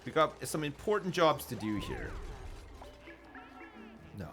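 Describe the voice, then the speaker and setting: A man's voice: fairly high pitch, big pitch swings, a little slow, fairly bright tone, faint music behind. A man streaming a video game live, chatting casually with his viewers and swearing freely. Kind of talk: live commentary over gameplay.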